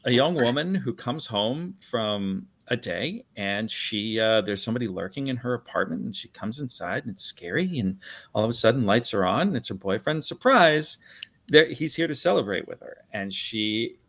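A man speaks with a lively, swooping delivery as he retells a film's story with enthusiasm. He is a guest on a talk stream, animated and eager. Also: lowish voice, moderate pace. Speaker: filmmaker guest.

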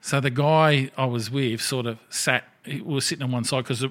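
A man chatting casually on a podcast, voice sitting in a middle register. He spins gaming anecdotes with plenty of swearing. He throws in quick impressions of the people he's talking about. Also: medium pitch. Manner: animated storyteller who acts out other people's lines, swears freely. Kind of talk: casual chat.

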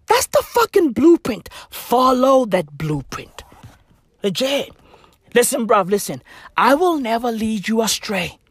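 A South African man delivering a profane comedic rant straight to camera, animated and bursting into shouts. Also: very high-pitched, husky, no echo, studio quality.

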